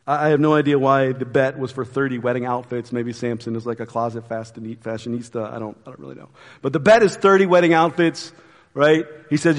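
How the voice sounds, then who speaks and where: A pastor preaching a sermon in a casual, conversational way with quick asides. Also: male voice, mid-range voice, fairly even intonation, big-room sound. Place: church.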